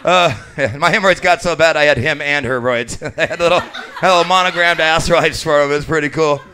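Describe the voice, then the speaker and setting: A man's voice: fairly high pitch, fairly even intonation, a little fast, bright, forceful tone, a little hiss or hum. A man in his late forties from Alaska doing a live stand-up set at a brewery bar, telling crude, profane, self-mocking jokes. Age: late 40s. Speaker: stand-up comedian.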